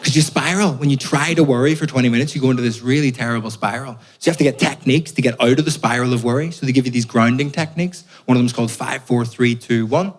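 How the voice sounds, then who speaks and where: A man's voice: mid-range voice, fast talker, few pauses. A man from Belfast with a Northern Irish accent, telling anxious, profane, self-mocking stories in a stand-up set. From Belfast, Northern Ireland. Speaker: stand-up comedian. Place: comedy club stage with live audience. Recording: live stand-up with audience laughter.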